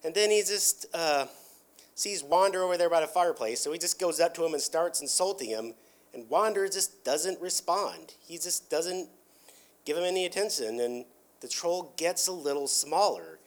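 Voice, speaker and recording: A man's voice: on the high side, lively intonation, normal speed. A man with a somewhat raised voice talks his way through a cartoon plot in a loose, casual way. He rambles, leans on filler words and often restarts his sentences. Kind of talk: casual retelling of a cartoon episode.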